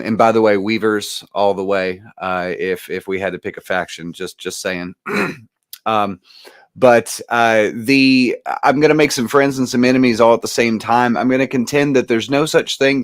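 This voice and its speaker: Low, earnest man rambling with fillers. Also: a little slow, no room sound, clean studio sound. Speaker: guest musician speaker. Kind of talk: casual motivational speech.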